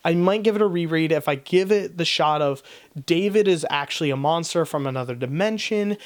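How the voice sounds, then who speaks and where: A person in their twenties giving a casual spoken book review, blunt and frank, swearing freely and rambling with restarts. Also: mid-range voice. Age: 20s.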